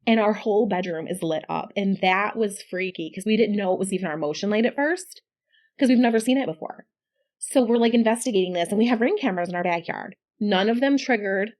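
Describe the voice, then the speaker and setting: A woman's voice: mid-range voice, fairly quick. Chatty middle-aged woman telling a story. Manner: chatty, animated when quoting, laughs often. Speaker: podcast co-host. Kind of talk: casual storytelling chat.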